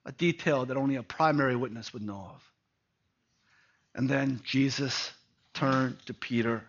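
A man preaching a sermon. He asks rhetorical questions, tags points with "right?", and swings from hushed tones to loud emphasis. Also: medium pitch, steady tone, normal speed. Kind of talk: sermon on a Bible passage. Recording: dull lo-fi recording.

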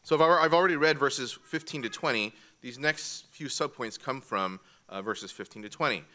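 A man's voice: medium pitch, normal speed, pushed and bright. A man teaching a church class from an outline, methodical and repeating each key point. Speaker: Bible teacher.

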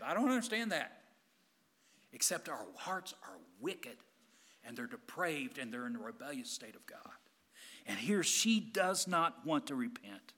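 A man preaching a sermon in a church, his voice bright and ringing as it carries down a long reverberant hall. He talks in a slightly high register and is impassioned, swinging from loud emphasis to hushed quiet.

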